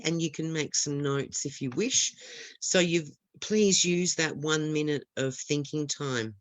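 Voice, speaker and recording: A woman's voice: sits low, dry recording. A woman teaching an online lesson on speaking exams, talking steadily and encouragingly and stressing key words. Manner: steady, encouraging instructor with lots of stress and intonation. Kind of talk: webinar lesson.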